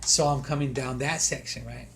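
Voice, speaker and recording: A man's voice: medium pitch, steady tone, moderate pace, creaky, a bit bright, slight background noise. A man co-hosting a podcast, casually telling a story with animation and acting out his own thoughts. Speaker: podcast co-host. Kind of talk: casual chat.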